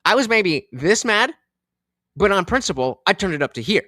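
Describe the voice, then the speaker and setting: A man hosting a live stream, telling a heated story in a profane, animated way, acting out both sides of an argument with many restarts. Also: high voice, moderate pace, no echo, clean studio sound. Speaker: streamer host. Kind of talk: casual storytelling rant.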